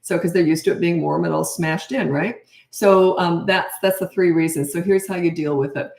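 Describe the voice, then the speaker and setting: A woman's voice: fairly low pitch, moderate pace, gravelly, a little mellow. A middle-aged woman coaching parents in a casual live Q&A, blunt and chatty, laughing at herself. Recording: roomy echo.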